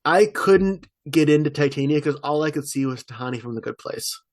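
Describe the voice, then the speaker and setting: Guy cohosting a podcast, rambly and chatty, voice a bit high, dry close sound. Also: expressive, no room sound. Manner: rambling, quick asides. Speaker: podcast co-host. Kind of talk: casual chat.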